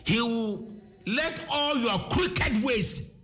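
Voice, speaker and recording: A man's voice: extremely high pitch, lively intonation, extremely slow, pushed and bright. A man with a Ghanaian accent preaching a sermon, switching between English and Twi, repeating his words and sometimes singing his phrases.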